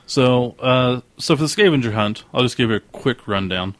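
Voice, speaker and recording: A male podcast co-host with a mid-range voice tells stories in a lively way. He often acts out what other people said. The sound is dry and close to the mic. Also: medium pitch, normal speed, no echo. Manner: animated storyteller who acts out quoted voices. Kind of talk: casual podcast chat.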